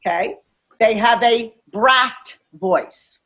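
Woman coach, middle-aged, somewhat high pitch, emphatic and blunt, salty language. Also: sharp tone, rough recording. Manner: emphatic, blunt, swears freely; acts out inner voices in quick asides. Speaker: master coach, podcast guest. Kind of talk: coaching talk in a podcast interview.

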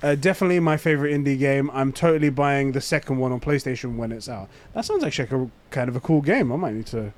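A man with a London accent co-hosting a casual gaming chat, rambling with lots of fillers and quick to laugh. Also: medium pitch, expressive. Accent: London English. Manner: rambling, full of fillers, breaks into loud laughter. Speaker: podcast co-host.

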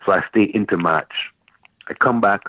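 A man, a guest poet telling a long story in an interview, animated and repeating words as he searches for them. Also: fairly low pitch, normal speed, dry recording. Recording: phone-line interview with faint music.

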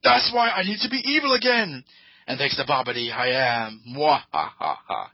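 A man's voice: a little high, big pitch swings, fairly quick, husky, no echo, dull audio, exaggerated voice. A man voicing a proud, ruthless male alien warrior who has turned villain, in a podcast recap. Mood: gloating.

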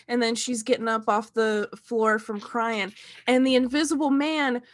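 A woman's voice: a little high, steady tone, normal speed, no echo. A woman co-hosting a casual movie podcast, animatedly recapping the plot. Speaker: podcast co-host.

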